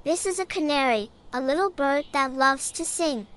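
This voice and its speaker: A woman narrating a scripted children's lesson in a bright, encouraging way, often asking the listener to join in. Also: high voice, expressive, moderate pace.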